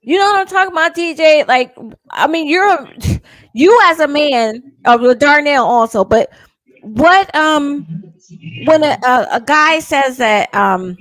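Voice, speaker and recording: High-voiced chatty woman co-host. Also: expressive, measured pace, fairly bright tone, dry recording. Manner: incredulous, chatty, addresses the host directly. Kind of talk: casual commentary on a live stream.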